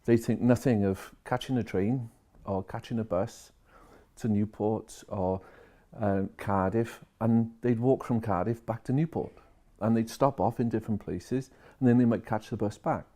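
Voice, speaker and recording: A man's voice: lowish voice, steady tone, normal speed, warm tone. A man, a social care worker telling a story to camera and retelling each conversation line by line.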